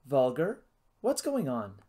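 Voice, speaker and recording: A man's voice: medium pitch, wildly swooping pitch, takes it slowly, mellow, full character voice. A man reading a storybook, voicing an anxious, eager teenage prince who asks urgent, earnest questions.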